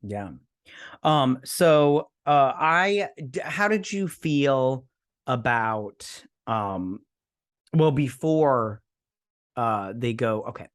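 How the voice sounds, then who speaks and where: A man's voice: medium pitch, drawn-out words. A man co-hosting a casual movie review chat. He rambles, swears and keeps breaking into quotes from scenes. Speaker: co-host of a movie review show.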